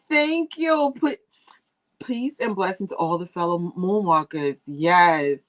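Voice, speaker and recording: Woman host of a casual fan livestream, talkative and lively, quick to laugh, recorded on a tablet mic. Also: on the low side. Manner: chatty, animated, laughs often. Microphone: tablet used as camera.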